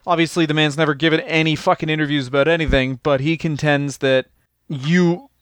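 A man's voice: a little high, steady tone, brisk, a bit bright, clean tone, no echo, studio quality. A man co-hosting a comedy podcast, chatting casually in a profane, joking way and laughing often. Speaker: podcast co-host.

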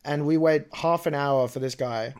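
A man with a somewhat high voice, chatting casually on a podcast. He tells stories in a loose, rambling way. He often slips into quoting what other people said. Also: moderate pace, a little mellow, clean tone. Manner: chatty storytelling, quotes people in reported speech. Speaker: podcast co-host. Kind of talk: casual chat.

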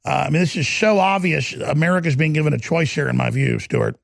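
A man hosting a talk radio show who introduces his guest in a rapid, gruff, emphatic way on a close studio mic. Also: fairly high pitch, lively intonation, dry recording.

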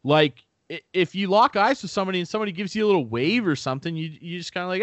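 A man co-hosting a casual podcast, spinning a profane, animated story. His voice sits a little high and jumps around a lot in pitch. The sound is dry and close. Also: racing, few pauses, no echo. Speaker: podcast co-host. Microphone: remote call mic.

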